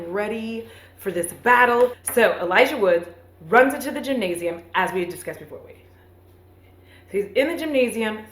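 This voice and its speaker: A woman hosting a comedic movie recap, rambling and profane with lots of fillers and self-mocking asides. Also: mid-range voice. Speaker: host. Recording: roomy echo.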